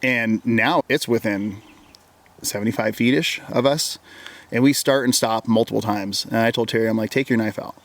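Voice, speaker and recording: A man's voice: medium pitch, normal speed. A man from Oregon, a wilderness guide, casually telling a long story in an interview, often repeating himself and quoting his own words. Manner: rambling, repeats words, quotes himself with "I'm like". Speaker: interview guest recounting an encounter.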